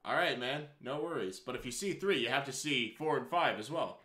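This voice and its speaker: A young man streaming a visual novel game, reading it aloud with excitable asides, laughter and swearing. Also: medium pitch, a little fast. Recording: roomy echo.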